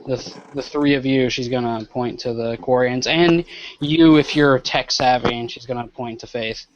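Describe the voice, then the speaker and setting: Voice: mid-range voice, fairly even intonation, moderate pace, slight background noise. A player in a tabletop game, talking in a friendly, easygoing way. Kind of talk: in-character tabletop play. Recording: dull lo-fi mic.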